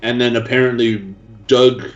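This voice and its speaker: A man playing at a tabletop game, giving offhand, halting replies. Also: medium pitch, fairly even intonation, lo-fi sound. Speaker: player. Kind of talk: casual play at a tabletop game.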